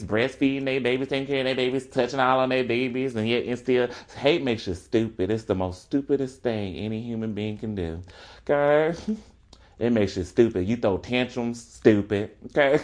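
A man launching into a sassy, repetitive rant and hammering each point home with emphasis. His pitch sits mid-range for a man, and he breaks into laughs between lines. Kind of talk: ranting monologue.

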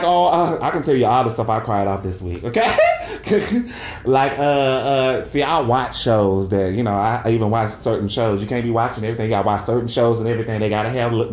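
A man's voice: brisk, darkish tone. A man podcasting in a brash, profane casual rant, laughing often and tagging lines with "okay?". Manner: jumps into high falsetto for quoted bits; frequent laughter and "okay?" tags. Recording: roomy echo.

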